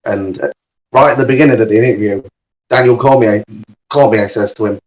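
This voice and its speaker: A man chatting casually on a podcast, talking haltingly and repeating words as he goes. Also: on the low side, rough recording.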